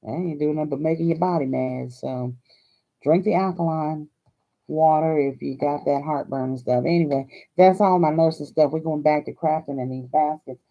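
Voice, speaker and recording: A woman's voice: sits low, moderate pace, dull audio. An older woman from Hawaii hosting a crafting vlog, chatting in a folksy, chatty way and laughing often. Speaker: crafting channel host.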